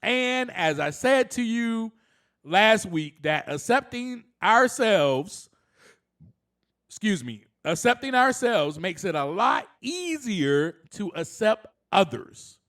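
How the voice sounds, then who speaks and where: A man's voice: sits high, very animated, takes it slowly, fairly bright tone. A man hosting a solo self-help podcast, speaking earnestly, often laughing, and rising to passionate emphasis. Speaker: podcast host.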